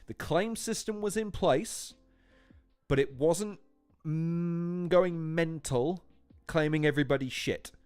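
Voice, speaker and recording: A man casually chatting on his livestream, animated and rambling, with plenty of swearing. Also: fairly high pitch, takes it slowly. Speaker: YouTuber hosting a livestream. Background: faint background music.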